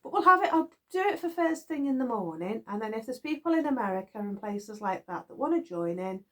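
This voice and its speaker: Chatty giggly British woman, lively pitch. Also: a little fast. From United Kingdom. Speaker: knitting vlogger. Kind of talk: casual chat to viewers. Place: garden shed.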